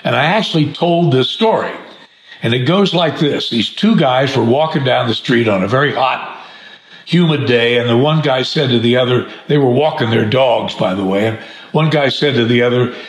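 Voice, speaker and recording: A man hosting a podcast interview, telling an anecdote and a joke with lively energy and easy laughter. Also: medium pitch, moderate pace, reverberant, poor audio. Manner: animated joke-teller, laughs easily. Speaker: podcast host. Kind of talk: conversational interview with storytelling.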